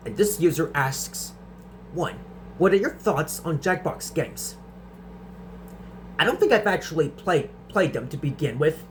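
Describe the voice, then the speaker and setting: A man's voice: a little high, expressive, measured pace, long pauses, slight background noise. Young man stuttering through viewer questions. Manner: stutters and restarts sentences often. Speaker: host answering viewer questions. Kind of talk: casual Q&A vlog.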